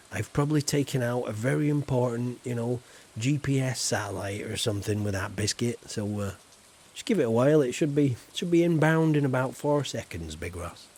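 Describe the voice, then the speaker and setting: A gravelly-voiced man from Yorkshire who speaks with a southern English accent. He streams a farming game and chats easily and jokingly with his viewers, at an everyday middle pitch. A faint hiss sits under his voice. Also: a little mellow. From Yorkshire, England. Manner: chatty, playful, talks straight to chat viewers. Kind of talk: casual live-stream chat while gaming.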